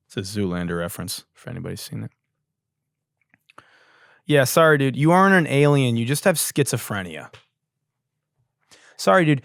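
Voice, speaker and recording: This young podcast host has a mid-range, very animated voice with vocal fry, moving at a moderate pace broken by long pauses. He riffs in crude, sarcastic casual comedy, lurching from mumbling to sudden loud bursts, all in a clean, echo-free studio recording.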